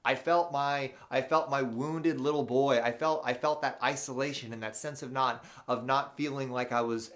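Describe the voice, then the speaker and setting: A man hosting a live motivational show, telling a personal story in an animated, unscripted way with many fillers and restarts, and reading viewer questions aloud. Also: medium pitch, normal speed, hardly any pauses.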